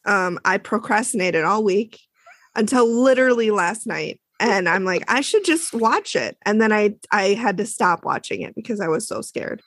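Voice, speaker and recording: A woman co-hosting a casual podcast, telling a scary story with animated, exaggerated drama and acted-out dialogue. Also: medium pitch, normal speed, dry recording. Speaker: podcast co-host. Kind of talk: casual chat.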